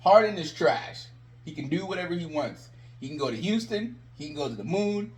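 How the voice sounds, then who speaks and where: A man's voice: on the high side, animated, brisk. A man ranting about his team in a sarcastic, exasperated vlog. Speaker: sports vlogger. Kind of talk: ranting fan commentary.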